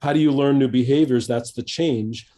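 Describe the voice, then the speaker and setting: An older American man, a coach, talking reflectively in an interview, often pausing with fillers and restarting his sentences. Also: mid-range voice, dark tone. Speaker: coach, podcast guest. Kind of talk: conversational interview.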